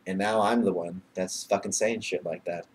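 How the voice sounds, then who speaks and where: A man's voice: sits low, steady tone, normal speed. A young man vlogging into his webcam, rambling with lots of fillers and swearing, nervous and emotional, often breaking into laughter. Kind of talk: casual webcam vlog.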